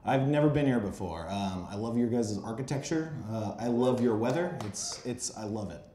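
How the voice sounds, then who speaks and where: A man's voice: mid-range voice, expressive, normal speed, dark tone, roomy sound, slight background noise. A man from Northern California, a guest joking upbeat about the weather.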